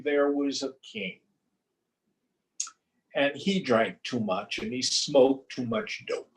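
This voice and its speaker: A man teaching scripture over a video call, telling a parable slowly and deliberately and posing rhetorical questions. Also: fairly high pitch, poor audio. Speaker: spiritual teacher. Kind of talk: scripture lesson with storytelling. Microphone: video call recording.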